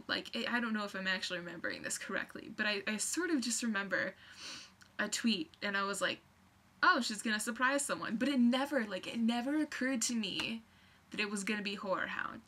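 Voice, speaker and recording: On her vlog, a young woman with a medium-pitched voice tells a story in an excitable, rambling way, full of fillers and restarts.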